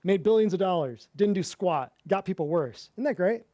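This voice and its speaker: A man's voice: sits high, lively intonation, moderate pace, dark tone, no room sound, clean studio sound. A man hosting a health podcast in a sarcastic, mocking monologue, repeating words for emphasis. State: winded. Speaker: podcast host.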